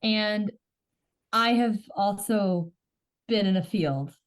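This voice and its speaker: A woman's voice: mid-range voice, slow. A woman hosting a podcast, curious and eager, sometimes searching for words in casual chat. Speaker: podcast host.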